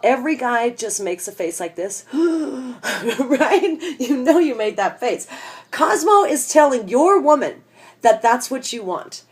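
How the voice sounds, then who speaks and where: A woman with a somewhat high voice, ranting for laughs. She talks straight to her audience, sarcastic and exasperated, as if she were letting them in on something outrageous. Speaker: vlogger ranting to camera. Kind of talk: comedic rant.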